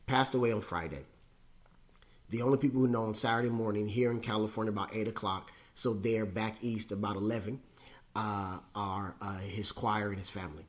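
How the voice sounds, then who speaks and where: A man's voice: on the low side, fairly even intonation, normal speed. A middle-aged man from the United States hosting a casual monologue, talking in a rambling, conversational way with lots of fillers and a wry, self-mocking humor. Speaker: host.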